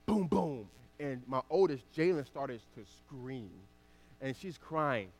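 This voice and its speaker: This male pastor, likely in his thirties, has a mid-range voice and takes his sermon slowly. His animated delivery shifts between loud, emphatic passages and a quieter, chatty personal story.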